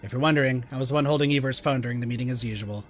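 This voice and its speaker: A man's voice: medium pitch, rapid-fire, pitched below the performer's own voice, natural voice. A man voicing a dry, sarcastic young woman who teases her teammate. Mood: deadpan. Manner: deadpan, teasing.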